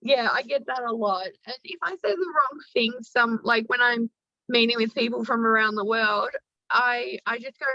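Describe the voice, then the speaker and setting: A woman's voice: a little high, normal speed, sharp tone, dry recording, lo-fi sound. A woman with an Australian accent, a guest actress and producer telling stories in casual podcast chat. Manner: chatty storyteller, uses casual slang.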